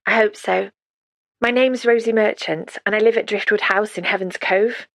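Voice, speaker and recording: A woman's voice: mid-range voice, fairly even intonation, normal speed, a bit bright, dry recording, close to an everyday voice. A woman voicing a polite, earnest young woman in her late twenties in an audiobook reading.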